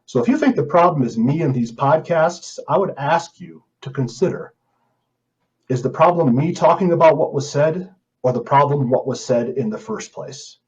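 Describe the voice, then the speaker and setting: Man, podcast host, emphatic and indignant, slightly high voice, dull lo-fi sound. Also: moderate pace. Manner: indignant, emphatic, reads comments aloud. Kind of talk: opinion podcast monologue.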